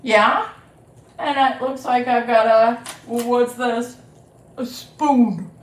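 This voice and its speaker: A woman leading a children's storytime as librarian, animated and sing-song, talking to little ones and their grown-ups. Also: on the high side, takes it slowly. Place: library room. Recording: roomy echo.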